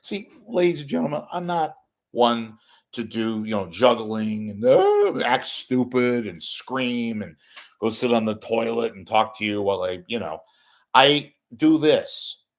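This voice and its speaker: A man's voice: mid-range voice, big pitch swings, measured pace. An older man hosting his own talk show, talking off the cuff to viewers in a blunt, rambling, self-mocking way. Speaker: host of an online talk show. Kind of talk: unscripted solo talk reading viewer messages.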